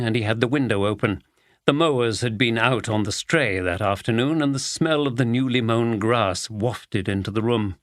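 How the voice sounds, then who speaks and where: A man narrating a mystery audiobook at a medium pitch, telling the story in a steady, even way. He is recorded on a close studio mic in a dry room. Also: no echo.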